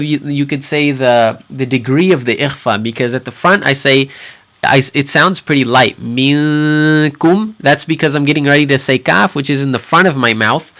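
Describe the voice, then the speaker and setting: A man teaching Quran recitation rules, explaining patiently and repeating each example word slowly so learners can hear it. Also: mid-range voice, fairly bright tone. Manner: patient, repeats Arabic words slowly for practice. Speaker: tajweed teacher.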